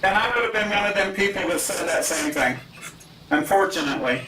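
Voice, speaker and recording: A man's voice: high-pitched, animated, a little fast, recorded from a distance. A man hosting a talk show in a TV studio, easygoing and agreeable. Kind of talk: casual chat. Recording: echoey room, off-mic, noisy.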